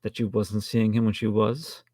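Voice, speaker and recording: A man co-hosting a film review podcast, making wry joking comments in a halting, restart-filled way. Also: on the low side, level tone, darkish tone, no echo, clean studio sound. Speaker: podcast co-host. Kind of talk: casual film review chat.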